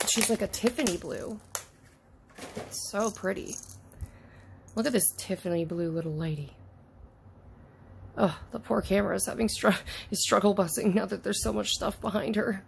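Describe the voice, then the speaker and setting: A woman chatting casually as she unboxes toys, gushing and excitable, often talking to the toys and sometimes dropping into soft whispers. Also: mid-range voice, moderate pace, gravelly, noisy background. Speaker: toy unboxing YouTuber.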